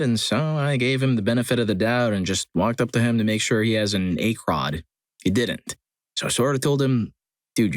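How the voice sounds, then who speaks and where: A man reading out short stories in a steady, scripted storytelling delivery. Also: lowish voice, no echo. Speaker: story channel narrator. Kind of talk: scripted narration of reader stories.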